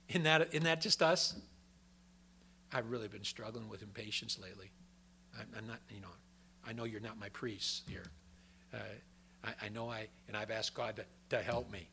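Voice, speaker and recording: An older man preaching a sermon in a folksy, conversational way, telling personal stories, with a gravelly voice. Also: on the low side, normal speed, pushed and bright.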